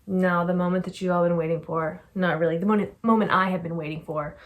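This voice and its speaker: A woman's voice: lowish voice, steady tone, quick pace, slight background noise. A young woman chatting casually about her favorite books, gushing and rambling with effusive enthusiasm. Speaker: book vlogger. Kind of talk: casual book review chat.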